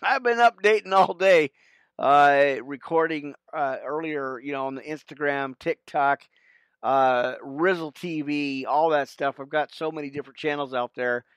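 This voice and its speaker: A man's voice: on the high side, measured pace, fairly bright tone, smooth, no echo. A man, a pastor hosting his own podcast livestream, chatting casually and rambling with lots of fillers and restarts.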